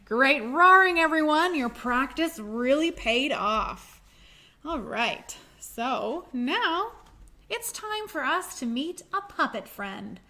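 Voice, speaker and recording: Young female librarian for a kids' storytime: slow, encouraging, high voice, sings along. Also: animated. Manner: gentle, encouraging, sings nursery rhymes. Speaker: children's librarian. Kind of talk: children's storytime with songs.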